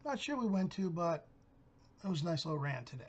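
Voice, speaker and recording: A man's voice: fairly high pitch, sing-song, fairly quick, darkish tone, highs cut off, a little hiss or hum. A middle-aged man hosting his own channel, telling a story in a blunt, profane rant. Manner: blunt, gruff, cursing storyteller. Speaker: channel host.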